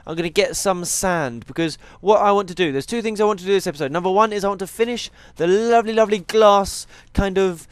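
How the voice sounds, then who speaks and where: A man's voice: high voice, moderate pace, few pauses, clear, resonant tone, dry recording. A tired young man, chatting casually as he plays a game and teases the animals on screen. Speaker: gaming YouTuber. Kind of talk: casual let's-play commentary.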